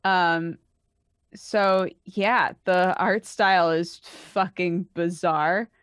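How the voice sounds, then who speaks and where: A woman's voice: fairly low pitch, fairly even intonation, drawn-out words, a bit bright, clear, resonant tone, dry recording, clean studio sound. A woman co-hosting a casual gaming podcast, enthusiastic and casual, swearing now and then. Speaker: podcast co-host. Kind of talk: casual chat.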